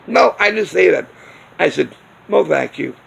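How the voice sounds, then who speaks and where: Indignant male vlogger, slow husky gravelly delivery, rhetorical rant. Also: high voice, animated, fairly bright tone. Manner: indignant, ranting with rhetorical questions. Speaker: video blogger. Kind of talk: casual opinion vlog. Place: outdoors near a smoking area.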